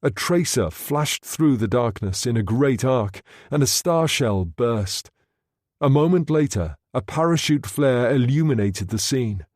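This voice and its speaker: A man narrating an audiobook in a measured, steady reading. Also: medium pitch, no room sound, clean studio sound. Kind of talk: scripted narration.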